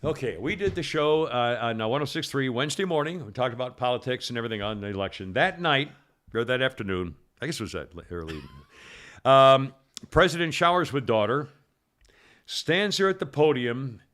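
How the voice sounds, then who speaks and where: A man's voice: medium pitch, animated, fairly quick, a bit bright. A man hosting a talk radio show, rambling and sarcastic, often mocking people in put-on quotes. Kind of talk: casual talk radio chat.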